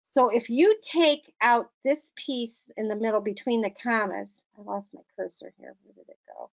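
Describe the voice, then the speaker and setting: A woman's voice: a little high, moderate pace, vocal fry, poor audio. A woman tutoring adult learners on comma use, patient and encouraging, explaining step by step. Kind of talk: online grammar lesson.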